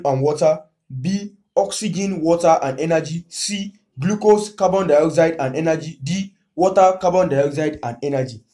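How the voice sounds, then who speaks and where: A man's voice: on the high side, dark tone. A man with a Nigerian accent teaching an exam revision lesson, who keeps asking his students "what?" and then answers himself.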